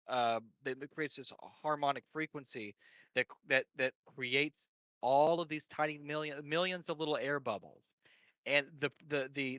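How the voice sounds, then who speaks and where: A man's voice: on the high side, bright, forceful tone, no echo. A man explaining electronics cleaning in casual chat, rambling with frequent restarts and crude jokes, on a dull lo-fi recording. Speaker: electronics repair guest. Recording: dry, dull lo-fi sound.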